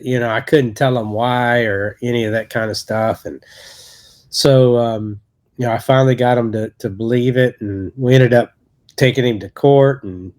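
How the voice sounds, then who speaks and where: A man in his thirties, an associate pastor, telling his personal testimony in a podcast interview in a halting, earnest way with many restarts. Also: mid-range voice, steady tone, darkish tone.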